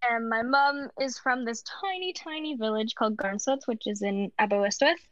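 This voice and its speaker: A young Canadian woman chats casually, laughing often and using lots of fillers. Her voice is on the high side and a bit bright, at normal speed, with no room sound and a dull lo-fi quality to the recording.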